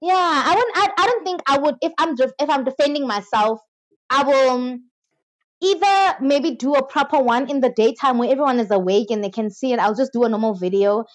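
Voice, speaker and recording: Woman on a podcast, a bit high, chatty, keeps doing little impressions. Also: lively intonation, a little fast. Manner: chatty, laughing, imitates people. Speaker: podcast co-host. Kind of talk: casual chat.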